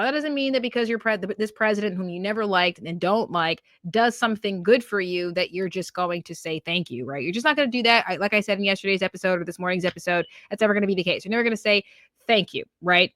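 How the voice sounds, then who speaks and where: A woman's voice: medium pitch, fairly bright tone, no echo, studio quality. A woman hosting a commentary show, talking emphatically and laughing, with slang like "yo" and "okay" thrown in. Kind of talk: opinionated commentary.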